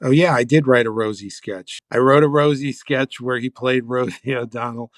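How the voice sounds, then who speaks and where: A man's voice: mid-range voice, normal speed, no room sound, studio quality. A man, a comedy writer, reading an old sketch script aloud and laughing as he goes. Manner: amused, laughing as he reads. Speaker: comedy writer, podcast guest.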